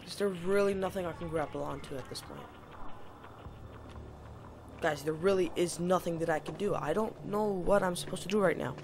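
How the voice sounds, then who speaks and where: Exasperated woman with a gravelly voice. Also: on the low side, moderate pace, long pauses, noisy background. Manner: exasperated and self-mocking, talks to viewers. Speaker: gaming channel host. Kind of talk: let's-play commentary. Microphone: home mic that cuts out. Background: game music.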